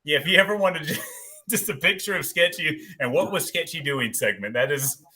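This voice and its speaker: A man hosting a casual live-stream show, upbeat and quick to agree. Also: on the high side, pushed and bright. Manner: upbeat, repeats yep and agreed. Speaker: host of a live tailgating show.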